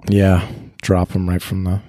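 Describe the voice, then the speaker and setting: A man's voice: sits low, completely flat delivery, a little slow, mellow, dry recording, clean studio sound. A man co-hosting a casual book podcast, laid-back, tossing in joking theories and short replies. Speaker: podcast co-host. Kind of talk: casual book-discussion chat.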